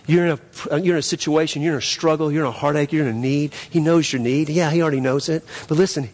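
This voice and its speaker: A man's voice: fairly high pitch, creaky, slightly rough. A man preaching a sermon as pastor, emphatic and repetitive, with frequent restarts. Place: church sanctuary. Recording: long reverb of a church hall.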